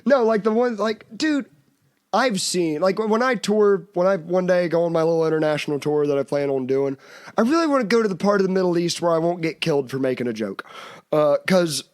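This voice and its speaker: A man's voice: high voice, expressive, fairly quick, darkish tone. Rambling, laughing man. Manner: rambling, laughs often, slips into mocking quoted voices. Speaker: podcast host. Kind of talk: casual comedic chat.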